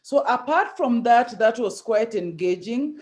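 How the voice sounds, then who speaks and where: A professor judging a debate over a video call, speaking haltingly with many pauses and fillers. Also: mid-range voice, animated, darkish tone. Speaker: debate judge. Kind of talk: judge's feedback on a debate.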